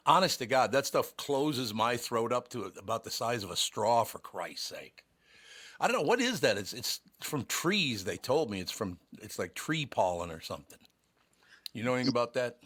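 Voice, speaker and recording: A man's voice: medium pitch, big pitch swings, moderate pace, fairly bright tone, breathy edge, dry recording. An older man, hosting a radio show, telling folksy stories and acting out quotes. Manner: storytelling, folksy, acts out quotes. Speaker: radio host. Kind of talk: casual radio chat and read ads.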